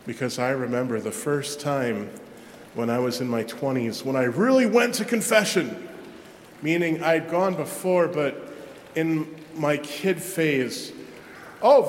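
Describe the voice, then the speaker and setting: A man, a Catholic parish priest, preaching a sermon in a chatty, self-deprecating way with lively asides. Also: a little high, a little slow, slight background noise. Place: large church. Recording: echoey church with long reverb.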